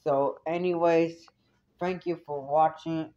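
A woman's voice: sits low, fairly even intonation, slow pace, dark tone, highs cut off. A woman giving an indignant review rant, swearing freely. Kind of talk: ranting review vlog.

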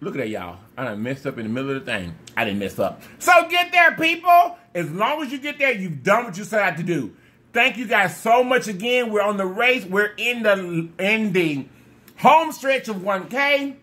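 A man's high-pitched, animated voice with a sharp tone moves at a moderate pace. He's a mukbang vlogger eating and chatting casually to his audience, gushing, repeating himself, and sometimes speaking with food in his mouth.

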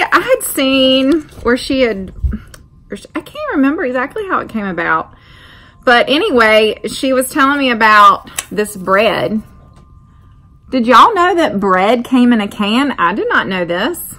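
A woman's voice: mid-range voice, fairly bright tone, a little hiss or hum. A woman, chatting casually on her porch as a vlogger, friendly and rambling with asides. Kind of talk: casual chat. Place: outdoor porch.

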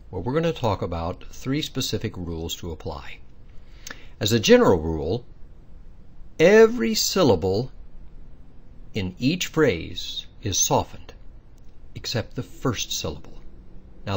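A language teacher with a fairly low, slightly breathy voice records a pronunciation lesson. He works through it step by step, patiently explaining and tossing in little quiz questions.

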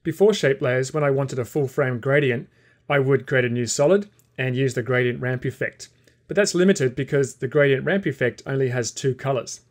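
A man walks through a screen-recorded software tutorial at an even, unhurried pace, speaking in a mid-range voice. He explains each step calmly, the way an instructor narrates while clicking through a program. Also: mid-range voice.

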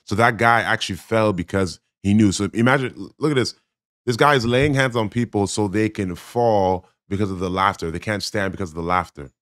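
A man's voice: on the low side, a little fast, a bit bright, dry recording, studio quality. A man giving blunt, critical reaction commentary on a sermon clip, speaking emphatically. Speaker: Christian commentator.

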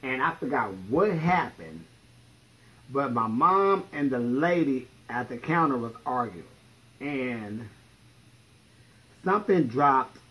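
Sassy, husky-voiced man telling stories. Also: mid-range voice, animated, takes it slowly, long pauses, sharp tone, low-quality recording. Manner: sassy, blunt, profane, story-telling. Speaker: drag performer livestreaming. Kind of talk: casual livestream storytelling.

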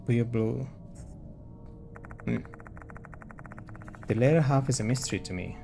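Male streamer, mid pitch, plain read-through of game text with quick asides. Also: darkish tone. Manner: reads dialogue and narration plainly, breaking off for quick reactions. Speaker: streamer playing a horror visual novel. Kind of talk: reading game text aloud with commentary.

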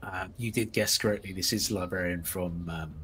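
A man narrating as game master, halting often with ums and small self-corrections, and sometimes laughing as he describes the scene. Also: low-pitched, steady tone, a crowd in the background.

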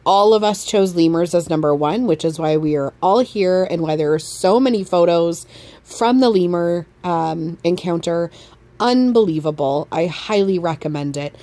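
A woman's voice: lowish voice, moderate pace, dark tone. A woman, a mother, narrating a family travel vlog in a chatty, enthusiastic way as she recommends an outing. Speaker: vlogger, mother on a family trip.

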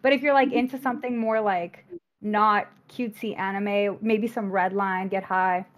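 A young woman contestant chatting on a video call, talkative and rambling, excitable. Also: mid-range voice, normal speed. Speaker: dating show contestant. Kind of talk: casual livestream chat. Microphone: video call microphone.

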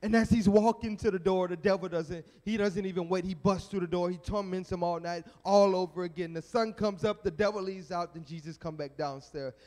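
A male evangelist preaching at a youth rally, telling a story in an animated, dramatic way. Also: high voice, a little fast, few pauses. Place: church sanctuary. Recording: echoey church sanctuary.

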